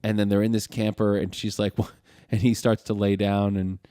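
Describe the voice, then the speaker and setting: A man's voice: on the low side, fairly quick, smooth, no echo, studio quality. A middle-aged man co-hosting a podcast, animatedly retelling a film plot and acting out its lines. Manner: animated storyteller, acts out lines with laughs. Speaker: podcast co-host. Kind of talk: casual movie recap chat.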